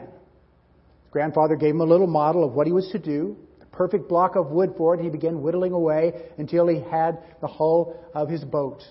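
A man's voice: a little high, slightly rough. A man preaching a sermon, telling a story with earnest delivery and acting out its dialogue. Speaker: pastor. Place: church sanctuary. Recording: dull, roomy church hall audio.

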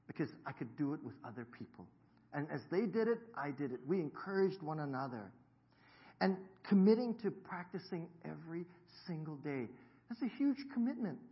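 A man in his fifties preaches in a church, joking and talking easily with his congregation. His voice sits a little high for a man. The recording sounds dull and lo-fi. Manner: jokey, self-deprecating, chatty with the congregation. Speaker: pastor. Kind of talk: sermon. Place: church sanctuary.

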